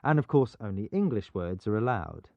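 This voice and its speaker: A man presenting an educational programme, explaining things clearly in scripted narration. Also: lowish voice, sing-song, moderate pace, dry recording. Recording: dull, dry studio sound.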